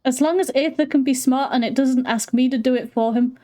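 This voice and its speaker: A woman's voice: high-pitched, fairly even intonation, fairly quick, mellow. A woman chatting casually over a game, laughing often and making joking asides. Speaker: gamer. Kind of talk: casual let's-play commentary.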